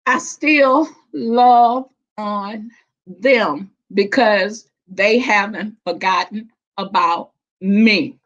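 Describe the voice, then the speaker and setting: Slow-talking woman hosting a livestream. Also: medium pitch. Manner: warm, affectionate, drawn-out and emotional, calling viewers baby and child. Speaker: livestream host. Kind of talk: casual livestream chat. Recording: dull lo-fi stream audio.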